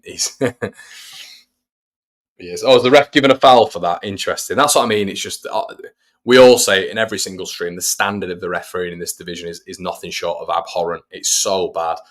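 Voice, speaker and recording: A man hosts a fan stream and talks the match through play by play. His voice sits on the low side, and he keeps his tone relaxed and chatty. He breaks off the commentary to answer viewers. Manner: chatty, reads out viewers' messages between play-by-play. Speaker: fan channel host. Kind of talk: live watch-along match commentary.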